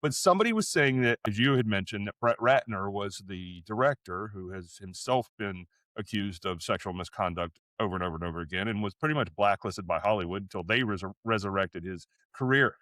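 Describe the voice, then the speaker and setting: A man co-hosting a casual podcast, telling stories in an animated way, often stumbling over and repeating his words. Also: on the low side, brisk, few pauses, no room sound, studio quality. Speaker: podcast co-host. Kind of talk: casual conversational podcast chat.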